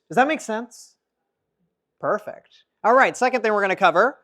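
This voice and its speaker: A man coaching public speaking in an energetic workshop lesson, swinging between loud and soft to demonstrate. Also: sits high, moderate pace.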